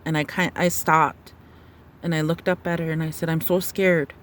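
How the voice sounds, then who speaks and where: A woman retelling a dream in a halting, searching way, with many fillers and restarts. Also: sits low, flat delivery, fairly bright tone, a little hiss or hum. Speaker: storyteller. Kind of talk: personal testimony of a dream.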